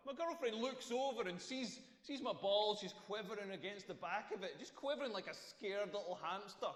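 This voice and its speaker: A crude Scottish stand-up comic. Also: male voice, very high voice, slight background noise, full character voice. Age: middle-aged. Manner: crude, deadpan storytelling with rising punchlines. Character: crude self-mocking male stand-up comic. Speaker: stand-up comedian. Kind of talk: stand-up comedy routine. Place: comedy club stage. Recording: echoey comedy club hall.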